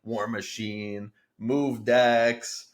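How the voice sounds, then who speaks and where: A man's voice: on the low side, flat delivery, very slow. A young man co-hosting a casual gaming podcast, laid-back and easygoing, often repeating himself. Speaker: podcast co-host.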